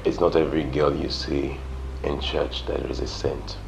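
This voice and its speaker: A man playing a bitter, gravelly betrayed man. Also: extremely low pitch, flat delivery, normal speed, noisy background. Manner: resentful, probing. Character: bitter young man betrayed by his girlfriend.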